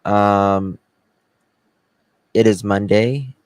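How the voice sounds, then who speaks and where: A man's voice: on the low side, steady tone, extremely slow, a little mellow, clear, resonant tone, dry recording. A man from the South, hosting a casual livestream, chatting and thanking viewers by name, sounding tired. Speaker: livestream host.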